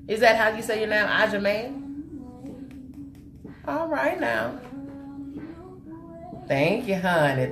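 Animated woman hosting a makeup live stream. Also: mid-range voice, noisy background. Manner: animated and chatty, greets viewers with terms of endearment. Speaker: host of a live makeup tutorial. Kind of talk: live-stream chat with viewers while demonstrating makeup. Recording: roomy echo with faint music behind.

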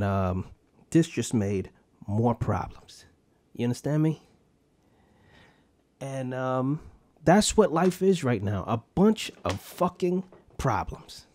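A man's voice: mid-range voice, dark tone, dry recording. Young guy solo podcast host, cusses a ton, rambly and blunt, dry close sound. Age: young adult. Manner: profane, rambling, blunt street slang.

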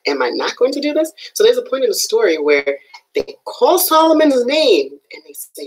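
A woman giving an animated, emphatic motivational talk on a live stream, often checking in with her viewers. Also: fairly high pitch, normal speed, breathy edge, poor audio. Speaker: motivational speaker.

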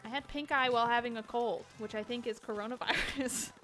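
A giggly, chatty woman hosting a charity stream, with a high and very bright voice. She talks casually and reads out donations between laughs. Faint music plays underneath. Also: steady tone, fairly quick. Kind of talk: casual chat.

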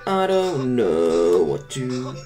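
Excitable woman narrating her gameplay. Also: rumbling low, drawn-out words, soft background music. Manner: excitable, coaxing the character, hums and yelps. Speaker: gameplay commentator. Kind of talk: let's-play commentary.

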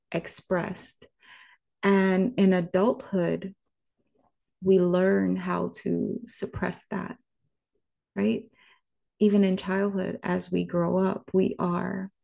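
Slow, gravelly-voiced woman vlogger. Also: fairly low pitch, warm tone. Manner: measured, speaks directly to the viewer. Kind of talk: reflective word-of-the-day vlog.

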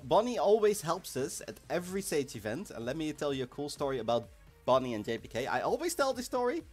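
A man hosting a live game stream, chatting casually and excitably, sometimes bursting into shouts. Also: medium pitch. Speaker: livestream host of an online game event. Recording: faint music in the background.

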